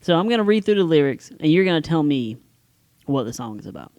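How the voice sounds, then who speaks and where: A man co-hosting a casual podcast, chatting with a friend and reading song lyrics aloud slowly with fillers. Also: fairly high pitch, sing-song, a little mellow, dry recording, studio quality. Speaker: podcast co-host.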